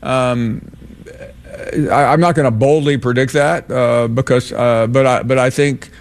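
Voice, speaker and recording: A man hosts a sports call-in show, taking callers and weighing his answers in a measured, hesitant way. He pauses often with fillers, and his voice sits at an ordinary middle pitch. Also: fairly even intonation, creaky. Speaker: sports radio host. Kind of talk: sports talk radio.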